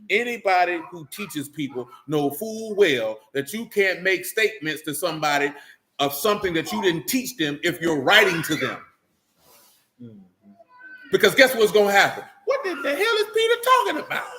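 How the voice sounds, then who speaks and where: A man with an African American Vernacular English accent teaching scripture in a sermon style, animated and preachy, full of rhetorical questions and street vernacular. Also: high-pitched, slight background noise.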